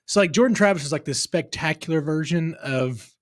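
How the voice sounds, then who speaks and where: A man's voice: on the high side, a little fast, dry recording, clean studio sound. A man co-hosting a casual sports podcast, enthusiastic and a little rambling as he makes his case. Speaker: podcast co-host.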